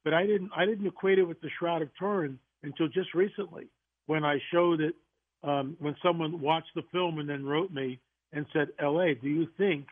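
A man, a guest author on a radio interview, telling stories in an animated way with quick restarts. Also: on the high side. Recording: tinny phone line.

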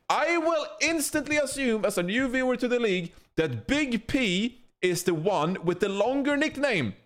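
Mock-serious man with a lively voice. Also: sits high, moderate pace, few pauses. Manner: mock-serious, teasing moderator. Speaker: podcast co-host. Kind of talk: casual panel chat.

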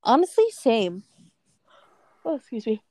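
A woman's voice: fairly high pitch, big pitch swings, a little slow, darkish tone, dry recording. Chatty young woman, gossipy storytelling. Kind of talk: casual chat.

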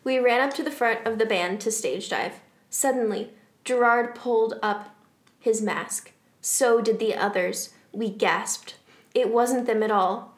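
A woman's voice: a little high, measured pace. A woman podcast host reading fan fiction aloud for laughs, with amused asides. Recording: roomy echo.

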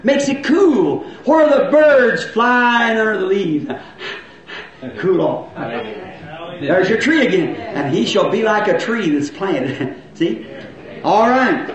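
A middle-aged man preaching a revival sermon to a congregation, in folksy rural grammar, asking questions and now and then breaking into shouts. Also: high voice, highs cut off. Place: church hall with congregation. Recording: very echoey old church recording.

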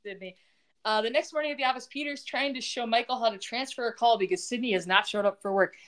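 A woman speaking quickly in a slightly high voice co-hosts a casual podcast about a TV soap. She's animated, performing the characters' quoted lines with laughs.

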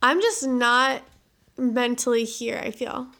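A woman's voice: a little high, slow pace, sharp tone. A tired young woman co-hosting a podcast, easygoing and chatty, swearing casually. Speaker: podcast co-host. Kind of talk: casual chat.

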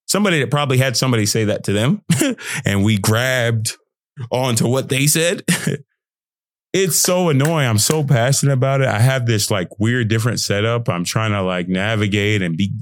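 A young man hosting a motivational podcast, talking casually with slang, laughing often and jumping into high mocking voices when he quotes people. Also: normal speed, no echo, clean studio sound. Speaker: podcast host. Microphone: podcast setup.

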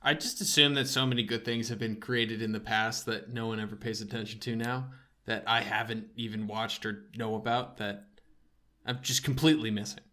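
A man's voice: lowish voice, fairly even intonation, moderate pace, bright, forceful tone. A young man co-hosting a podcast, musing wryly in casual chat. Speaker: podcast co-host.

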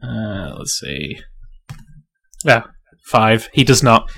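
A man's voice: mid-range voice, big pitch swings, measured pace, long pauses, pushed and bright. A man running a tabletop game as game master, loose and chatty with lots of fillers.

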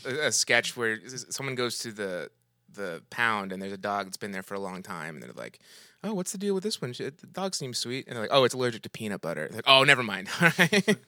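A young man with a bright, forward voice, bantering crudely as a podcast co-host. He laughs a lot and trips over his words, repeating them as he goes. The sound is close and dry, with no room around it. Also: lowish voice, very animated, a little fast, no echo. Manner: joking, laughs often, stumbles and repeats words.

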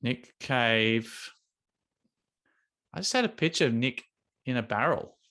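A man's voice: medium pitch, expressive, slow pace, pushed and bright. A man co-hosting a podcast, joking and rambling through stories in casual chat. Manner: jokey, rambling storyteller. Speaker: podcast co-host.

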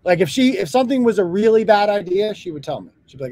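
Blunt, high-voiced host. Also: male voice, sing-song, fast talker, mellow. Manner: blunt, swears freely, rambling. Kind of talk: casual live show chat.

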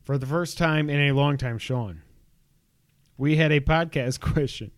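A man co-hosting a casual gaming podcast, joking around and laughing often, talking in quick bursts. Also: a little high, no room sound, clean studio sound. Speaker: podcast co-host.

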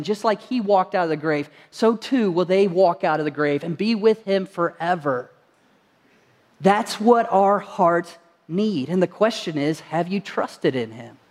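High-voiced pastor preaching in a reverberant hall. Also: male voice. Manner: earnest storytelling, rhetorical questions to the congregation. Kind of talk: sermon. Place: church sanctuary.

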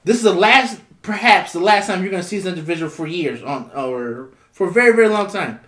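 A young man with a high voice co-hosts a casual podcast chat, stumbling over his words with frequent ums and restarts. The room is roomy and echoey around him. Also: lively intonation, a bit bright. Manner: leads topics, halting with frequent ums and repeats. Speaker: podcast co-host. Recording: roomy echo.

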